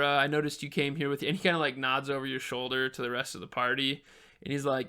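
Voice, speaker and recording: Bright, crisp-voiced man game master. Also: mid-range voice, level tone, moderate pace. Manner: loose, filler-heavy narration with voiced townsfolk. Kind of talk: narrating a tabletop game.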